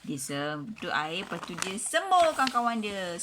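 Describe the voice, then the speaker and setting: A woman with a Malaysian accent reading a picture book aloud to a child, slow and expressive, pausing to explain. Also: medium pitch, noisy background.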